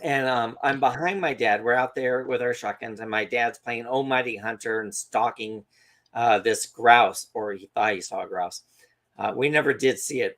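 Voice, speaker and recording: A man co-hosting a podcast, telling a story in a casual, animated way and acting out the quotes. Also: medium pitch. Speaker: podcast co-host.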